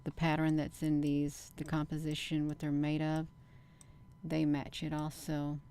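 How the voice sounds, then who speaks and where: A woman with a low-pitched voice talks her viewers through camera footage in a loose, chatty way. She keeps calling out to her audience and leans hard on her points, insisting they look where she points. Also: measured pace, a little hiss or hum. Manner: animated, repeatedly addresses viewers as "you all"; insistent, emphatic bursts. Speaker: channel host. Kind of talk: casual live commentary over camera footage.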